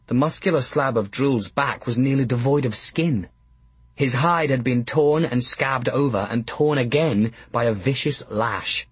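A man reading an audiobook in a measured, first-person storytelling manner. His voice is husky, and the recording is close and dry. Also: mid-range voice, no room sound. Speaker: narrator. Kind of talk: audiobook narration.

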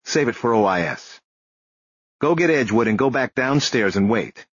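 A man's voice: mid-range voice, animated, moderate pace, breathy edge, dry recording, lo-fi sound. A man doing a curt, commanding detective. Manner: brusque, barking orders.

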